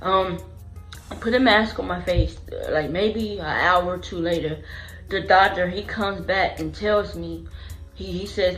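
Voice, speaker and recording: A woman's voice: fairly low pitch, unhurried, fairly bright tone, soft background music, poor audio. Earnest woman telling a personal story. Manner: earnest, emotional, repeats phrases as she recalls. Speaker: vlogger sharing her illness story.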